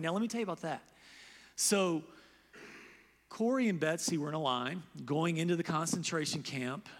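A man preaching a sermon as pastor, animated, loudly acting out the people he quotes. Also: on the high side, big-room sound.

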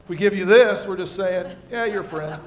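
An older American man preaching a sermon as pastor, telling folksy stories with props and swinging between quiet and loud. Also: high voice, brisk, noisy background.

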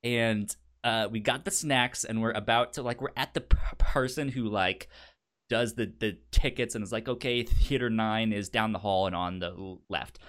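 A man's voice: on the low side, fairly even intonation, normal speed, fairly bright tone. A man co-hosting a podcast in casual chat, stammering often and laughing through his stories. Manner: stammering, laughs a lot while telling stories. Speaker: podcast co-host.

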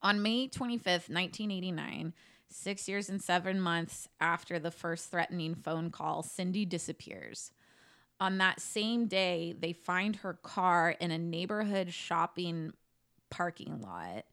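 A woman's voice: fairly low pitch, lively intonation, a little slow, fairly bright tone. A woman telling a true-crime case to her co-hosts in a casual, chatty way, swearing now and then and saying "like" a lot. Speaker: podcast co-host telling a case.

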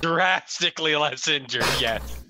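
A man playing a tabletop game, animated and swearing often. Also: a little high, a little slow, over loud music. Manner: animated, cursing. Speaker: player.

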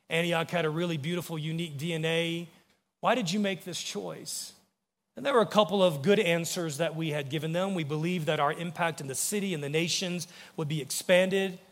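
A man with an American accent, a pastor preaching a sermon to his congregation, earnest, and his voice drops low and soft when he quotes. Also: long reverb tail. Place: church sanctuary.

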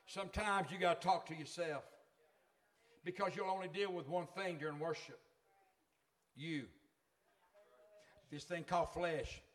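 A man's voice: sits high, normal speed, long pauses. A middle-aged man preaching a sermon in a fervent, folksy way.

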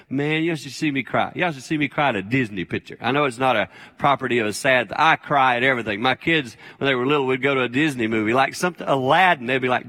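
A man's voice: mid-range voice, quick pace, hardly any pauses, sharp tone. An older man preaching a sermon as a pastor, conversational and plain-spoken, repeating his key phrases. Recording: long hall reverb.

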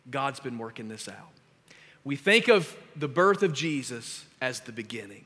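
A man preaching a sermon as pastor, with emphatic delivery that grows louder on scripture readings. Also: a little high, big-room sound. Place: church sanctuary.

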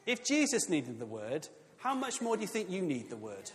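A man's voice: sits high, wildly swooping pitch, moderate pace, hardly any pauses, in a large hall. A man preaching a sermon in a conversational, emphatic way, with friendly asides to his listeners.

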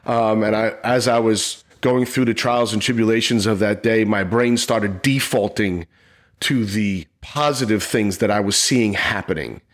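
Earnest middle-aged man telling a story. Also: fairly low pitch. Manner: earnest, emotional, halting storytelling. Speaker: retired police officer and app founder. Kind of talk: personal storytelling in an interview.

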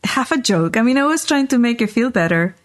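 A woman podcast host telling a story in casual chat, animated, often checking in with "right?". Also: on the high side, a little fast.

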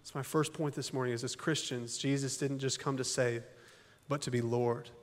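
Speaking at a moderate pace, a man with a mid-range voice and fairly even intonation preaches as a pastor. The long reverb of the church auditorium surrounds his folksy, conversational sermon, which is full of rhetorical questions.

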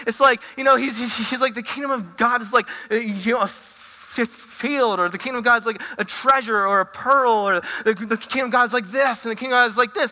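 A woman pastor giving a casual, animated sermon, stumbling over and repeating words as she goes. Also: fairly high pitch. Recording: long reverb of a large hall.

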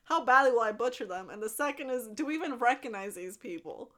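A woman's voice: a little high, animated, quick pace, bright, forceful tone. A young woman in casual chat, giggling and stumbling as she reads out names. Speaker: co-host.

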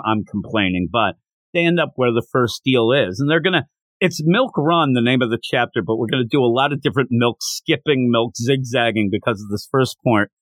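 Guy on a podcast going over a manga chapter, mid voice, jumps up high for the characters, dry close sound. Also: dry recording. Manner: animated retelling, acting out lines in quick higher voices. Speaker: podcast host. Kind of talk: casual manga recap.

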